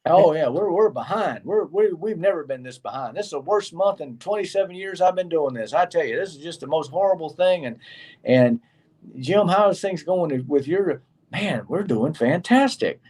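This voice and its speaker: Man, middle-aged, lively storyteller, acts out quotes, slightly high voice. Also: normal speed, slightly rough. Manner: animated storyteller acting out quoted people. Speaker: co-host. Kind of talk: casual show chat.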